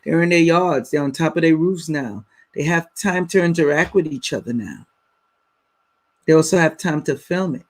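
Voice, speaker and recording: A man's voice: a little high, moderate pace. A man hosting a live stream, talking bluntly and casually to his viewers in slang. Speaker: livestream host.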